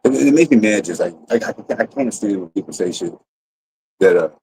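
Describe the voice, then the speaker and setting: A man's voice: lowish voice, animated, a little fast, dark tone, husky, no echo, rough recording. A man telling a rambling, profane story to his livestream audience in a casual way, full of restarts. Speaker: streamer.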